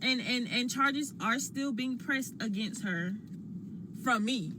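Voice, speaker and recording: A woman telling what happened to her in a slangy, expressive way, talking while she eats. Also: on the high side, slow pace, noisy background. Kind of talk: animated storytelling to a phone camera.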